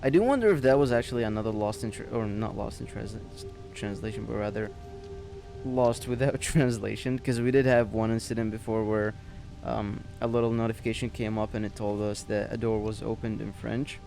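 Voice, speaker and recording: A man's voice: fairly low pitch, brisk, gravelly, mellow, soft background music. A man hosting a let's play, chatting casually as he plays and reading game text aloud. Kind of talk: casual gameplay commentary.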